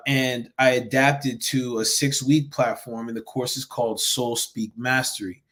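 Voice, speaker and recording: A man who founded a men's education group, coaching viewers in an earnest, animated live-stream talk with frequent restarts and pauses. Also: mid-range voice. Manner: mimics harsh self-talk in sharp raised bursts.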